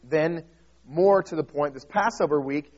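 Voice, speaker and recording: A man's voice: fairly high pitch, measured pace, darkish tone, muffled recording. A man from the United States preaching a sermon, earnest and emphatic, often restarting his phrases as he teaches. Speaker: pastor.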